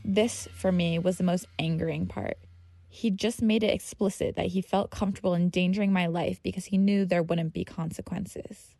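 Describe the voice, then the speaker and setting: A woman's voice: lowish voice, steady tone, moderate pace, gravelly, warm tone, no echo, soft background music. A woman telling her own story as scripted narration, tense and vivid. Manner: tense, vivid storytelling with heated quoted outbursts.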